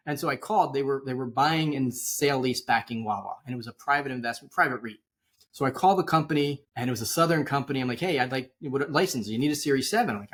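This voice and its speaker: A man's voice: medium pitch, fairly bright tone. A middle-aged man, a wealth manager and interview guest, telling stories in a rambling, chatty way with lots of tangents, talking over a video call. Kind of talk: casual storytelling interview.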